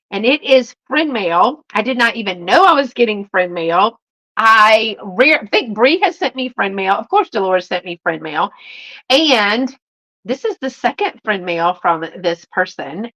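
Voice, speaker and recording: A woman's voice: medium pitch, sharp tone. A woman with a Southern US accent chatting casually on a live stream from home, greeting viewers by name with many fillers. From Southern United States. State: a little flushed from a walk. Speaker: YouTube live stream host.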